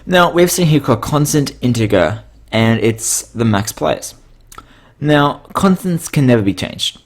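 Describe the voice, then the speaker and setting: A man's voice: medium pitch, animated, normal speed. A man hosting a casual coding tutorial, losing his voice and sounding tired and sick, rambling with frequent fillers and self-corrections.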